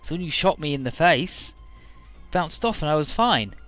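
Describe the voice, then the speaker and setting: A man voicing a gleeful, cocky mercenary villain in casual game commentary, in a mocking, loud tone. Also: a little high, lively intonation, moderate pace, faint music behind, pitched above the performer's own voice. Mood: gloating. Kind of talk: casual paraphrase of game dialogue.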